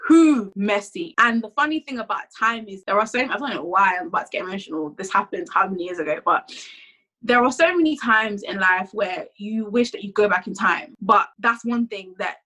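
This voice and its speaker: A young woman recounts her faith testimony in a candid, conversational way. Her voice is bright and clear. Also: medium pitch, animated, fairly quick, low-quality recording.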